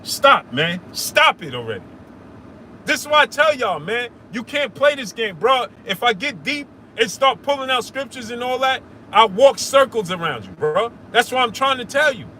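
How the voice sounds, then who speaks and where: A sports show host on a casual stream spars with people in his chat, repeating points and calling everyone brother. His very high-pitched voice sounds pushed and bright, swinging widely in pitch at a normal speed, over slight background noise.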